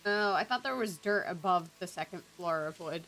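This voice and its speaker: A woman's voice: lowish voice, moderate pace, fairly bright tone, soft background music, rough recording. A woman playing in a tabletop game, chatting casually, often laughing and asking questions. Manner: giggly and questioning. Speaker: player.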